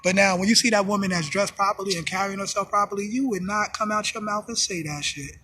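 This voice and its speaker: A man talking in a casual monologue, animated, full of street slang, often acting out other people's voices. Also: high-pitched, fast talker, breathy edge. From New York. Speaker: host. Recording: music in background.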